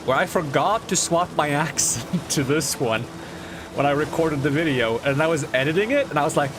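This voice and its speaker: A man's voice: a little high, animated, normal speed, background noise. A young man casually chatting while he plays and streams a game, rambling from thought to thought and laughing often. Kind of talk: casual chat while playing. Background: game music.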